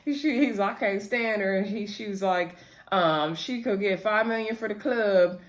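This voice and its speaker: A woman's voice: mid-range voice, moderate pace. A woman casually recapping a TV episode, retelling scenes in a chatty way, quoting the characters and laughing often. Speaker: TV recap reviewer.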